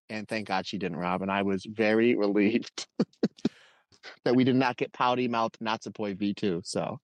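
A man co-hosting a wrestling podcast, chatting casually and retelling events in an animated way with asides to listeners. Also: mid-range voice, moderate pace, no echo. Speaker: podcast co-host.

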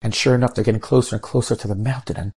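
A man, a rabbi, telling a story in a sermon, dramatizing the quoted lines in a lively way. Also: medium pitch, rapid-fire, husky.

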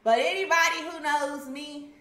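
A woman's voice: sits high, fairly even intonation, moderate pace, bright, forceful tone, roomy sound. A woman co-hosting a casual chat, talking in an emphatic, blunt way. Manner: emphatic, blunt, says "period". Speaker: co-host.

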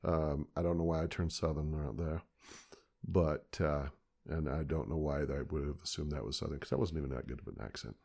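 Podcast co-host, male, deep and gravelly, crude jokey banter with plenty of swearing. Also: fairly even intonation, brisk, a little mellow. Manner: crude, joking, swears freely. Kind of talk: casual chat.

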